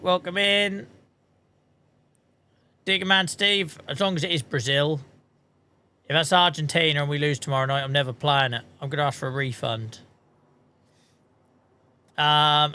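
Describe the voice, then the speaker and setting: A man's voice: on the high side, sharp tone, clear, resonant tone. A man streaming a game, chatting casually in a self-mocking way and swearing casually now and then. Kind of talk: casual livestream chat.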